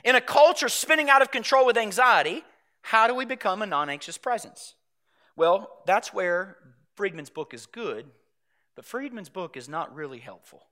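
A pastor preaches an animated sermon, frequently posing questions to the congregation and building to loud, emphatic stretches. His voice sits high and moves at a normal speed.

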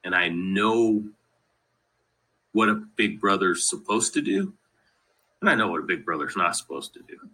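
A man's voice: low voice, lively intonation, a little slow, pauses often, pushed and bright, husky, rough recording. A man from Colorado, a podcast guest, telling family stories in a casual, rambling way and leaning on "you know" constantly. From Colorado, USA. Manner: laughs through funny family stories. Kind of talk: casual interview storytelling.

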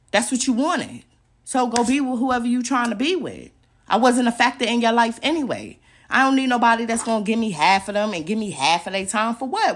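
A young adult woman hosting a podcast, talking in a blunt, profane, animated way and laughing often as she rants. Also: fairly high pitch. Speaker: podcast host. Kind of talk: casual podcast rant.

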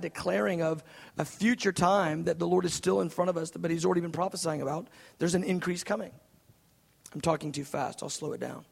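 A man's voice: sits high, vocal fry. A man in his thirties preaching a sermon, telling a story in an earnest way with many fillers and restarts. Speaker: pastor. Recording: long reverb of a large hall.

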